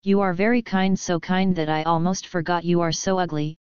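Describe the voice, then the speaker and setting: A woman's voice: fairly low pitch, fairly even intonation, fairly quick, darkish tone, clean tone, no room sound, dull audio, lightly acted. A woman voicing a kind, honest young woman in a storybook reading, speaking earnestly and firmly. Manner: earnest, firm.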